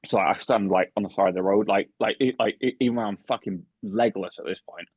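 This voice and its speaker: Swearing low-voiced young man. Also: brisk, breathy edge. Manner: swears heavily, lots of restarts and fillers. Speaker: podcast co-host and barman. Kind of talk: casual chat, storytelling. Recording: dry, dull lo-fi podcast mic.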